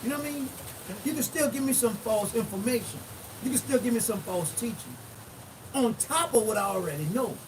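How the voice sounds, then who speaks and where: A blunt, repetitive preacher man with a strikingly high, lively voice. He sounds set back from the mic, with steady noise behind him. His talk is an emphatic sermon recap in street-style speech. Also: brisk. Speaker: pastor. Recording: distant mic with noisy background.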